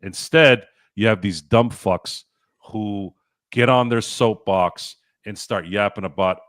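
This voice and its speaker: Low-voiced guy ranting on a sports podcast, blunt, swears a lot, dry close sound. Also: takes it slowly, a bit bright, dry recording. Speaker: podcast host. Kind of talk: opinionated sports talk.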